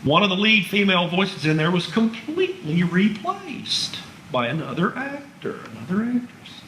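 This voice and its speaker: A man's voice: high voice, sing-song, moderate pace, sharp tone, a little hiss or hum. A man giving a public lecture to an audience, chatty and wry, with asides thrown to the listeners. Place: museum lecture room. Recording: roomy hall sound.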